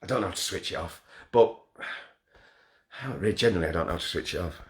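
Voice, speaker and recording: A man's voice: deep voice, lively intonation, quick pace. Man, self-deprecating live-stream host, joking and rambling, recorded at home with roomy echo. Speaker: festival host announcing winners. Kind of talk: casual live-stream hosting. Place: front room at home. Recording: roomy front-room echo.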